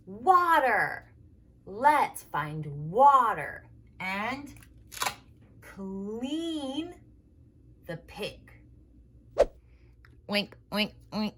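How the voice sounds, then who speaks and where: Slow sing-song woman teaching toddlers. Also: on the high side, very animated, noisy background. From United States. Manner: exaggerated, playful, drawn-out words. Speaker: speech therapist teaching toddlers. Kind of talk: slow, sing-song kids' lesson with animal sounds.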